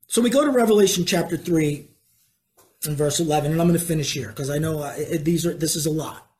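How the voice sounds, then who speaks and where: A preacher teaching a sermon in a conversational way, asking the congregation questions and moving between slow emphasis and quick asides. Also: mid-range voice, darkish tone.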